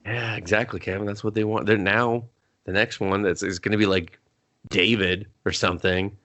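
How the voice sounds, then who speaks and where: A man's voice: fairly low pitch, steady tone, normal speed, fairly bright tone. A man co-hosting a movie review podcast, talking casually with lots of swearing and acting out lines from the film. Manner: profane, jokey, acts out movie lines. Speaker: podcast co-host.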